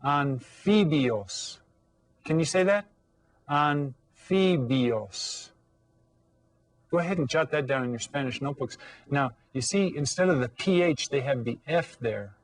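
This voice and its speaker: On the high side and recorded with no room sound, a male elementary Spanish teacher leads kids through a video lesson. Patiently, he says each word slowly, confirms they're following, and calls out spirited classroom commands.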